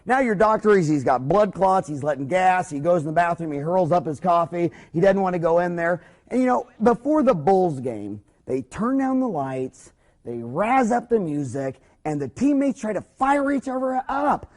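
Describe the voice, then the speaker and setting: A man lecturing with a high voice for a man. He speaks bluntly and with humor, telling anecdotes and acting out their dialogue in a lively seminar style. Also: moderate pace. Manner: blunt, joking, animated storyteller. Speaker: dentist lecturer.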